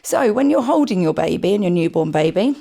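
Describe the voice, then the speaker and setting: Calm, low-voiced sleep consultant woman. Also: fairly quick, creaky. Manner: calm, practical, acts out parents in quotes. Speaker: infant sleep consultant guest. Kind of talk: casual podcast chat, explaining advice.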